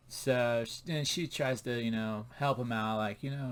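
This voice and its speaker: A man's voice: medium pitch, slow pace. A man casually reviewing a comic book, rambling and laughing at its jokes.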